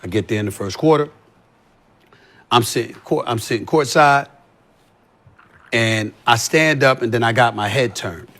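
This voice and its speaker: A man's voice: mid-range voice, normal speed, pauses often, a bit bright. A man talking in a heated, profane podcast conversation, pressing his points again and again. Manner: emphatic, profane, repeats points. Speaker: sports commentator as podcast guest.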